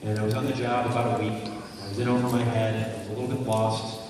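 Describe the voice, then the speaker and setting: This man speaks with a mid-range, flat delivery and talks fast. Addressing an audience as a motivational speaker, he tells stories and asks the crowd questions, heard from far off in a noisy, echoey hall.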